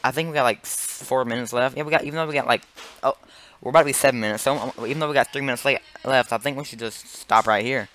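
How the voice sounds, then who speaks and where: A young man casually commenting on a horror game as he plays, jumpy and excitable, yelping when startled. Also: medium pitch, fast talker. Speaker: gaming channel host. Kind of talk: let's play commentary. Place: home room.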